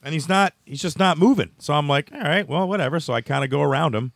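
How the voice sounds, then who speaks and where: A man's voice: fairly high pitch, expressive, fast talker, gravelly, fairly bright tone, no echo. A man telling a story in casual chat, rambling with restarts and laughing as he goes.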